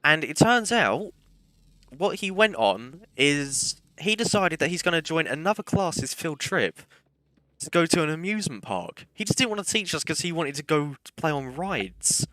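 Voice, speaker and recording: A man's voice: on the high side, sing-song, normal speed, sharp tone, no room sound. A young man streaming a game, rambling through casual anecdotes with self-deprecating humour. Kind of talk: casual gameplay commentary and storytelling.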